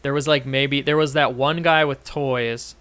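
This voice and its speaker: A man's voice: mid-range voice, fairly even intonation, unhurried, a bit bright, clean tone. A man co-hosting a podcast, chatting casually and rambling through stories with lots of restarts. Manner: rambling, many restarts and fillers. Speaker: podcast co-host. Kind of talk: casual chat.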